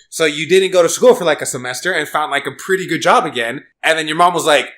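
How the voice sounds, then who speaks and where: A man's voice: a little high, fairly quick, hardly any pauses, pushed and bright. A man co-hosting a casual podcast chat, teasing and sarcastic as he retells a friend's story. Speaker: podcast co-host.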